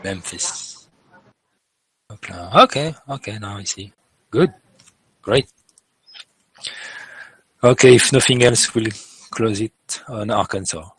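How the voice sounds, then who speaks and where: A man's voice: fairly low pitch, takes it slowly, long pauses, a bit bright, husky, no room sound, low-quality recording. A man hosting a casual developer meeting, thinking aloud in short bursts. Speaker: podcast host running a developer meeting.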